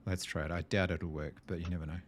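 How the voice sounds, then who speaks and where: Deep-voiced man thinking aloud over a puzzle game. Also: fast talker, a little hiss or hum. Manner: muttering to himself, hesitant, excitable. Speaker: gameplay video host.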